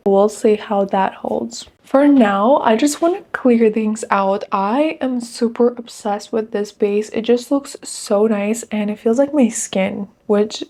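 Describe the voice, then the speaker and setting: Chatty woman with a mellow voice. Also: fairly high pitch. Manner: chatty, enthusiastic, addresses viewers directly. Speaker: beauty vlogger. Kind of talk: casual makeup review talk.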